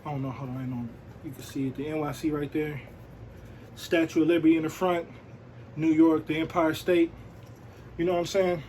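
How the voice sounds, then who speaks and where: Brief: male vlogger, relaxed slangy show-and-tell, slightly raised pitch. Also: brisk, pauses often, a little hiss or hum, poor audio. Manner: laid-back, slangy, peppered with "you know what I'm saying". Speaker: sneaker and streetwear vlogger.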